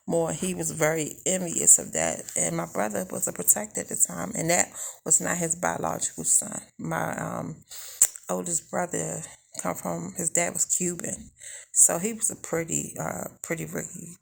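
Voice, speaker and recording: A woman's voice: lowish voice, vocal fry, slightly rough. A young adult woman telling her own life story in a blunt, candid, conversational way. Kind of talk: casual first-person life story.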